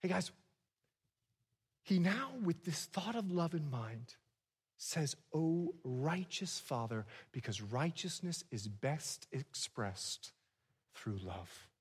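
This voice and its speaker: Male pastor, preaching a sermon, husky voice, lively pitch, hushed then loud, joking asides, long echo from a hall. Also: slow pace, pauses often. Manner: dramatic swings from hushed to loud; humorous asides to the congregation.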